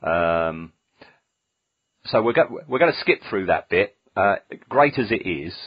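A man's voice: low voice, animated, unhurried, breathy edge, no echo, highs cut off. A man hosting a casual podcast chat, musing aloud with dry jokes and many fillers. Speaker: podcast host.

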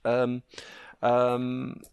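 A man's voice: medium pitch, monotone, very slow, creaky, a little mellow, slight background noise. A man hosting a podcast, eagerly recapping an episode with lots of ums and restarts. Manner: enthusiastic, recaps the plot, hesitant fillers. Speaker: podcast host. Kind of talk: casual fan discussion.

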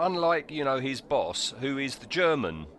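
A man's voice: mid-range voice, very animated, normal speed, a bit bright. A man co-hosting a casual fan chat in an easygoing way, often ending on tag questions. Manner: easygoing, agreeable, seeks agreement with tag questions. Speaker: podcast co-host.

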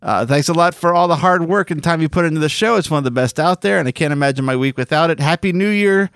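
A man's voice: on the high side, fast, fairly bright tone, clear, resonant tone, dry recording, studio quality. A man co-hosting a casual podcast, reading listener emails aloud and laughing often.

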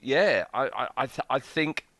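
A man's voice: mid-range voice, animated, measured pace, fairly bright tone, dry recording. A man co-hosting a casual chat, recalling TV scenes in enthusiastic detail. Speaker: podcast co-host. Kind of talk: casual chat about a TV show.

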